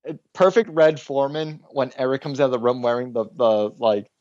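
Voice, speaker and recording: Animated man on a dull dry mic. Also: mid-range voice, fairly quick, no echo. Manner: animated, profane storyteller who mimics people. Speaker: podcast host. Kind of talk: casual podcast chat.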